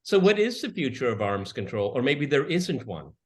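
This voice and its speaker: A man co-hosting a panel talk, asking questions in a halting way with restarts. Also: medium pitch, big pitch swings. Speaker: co-host. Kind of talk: interviewer questions.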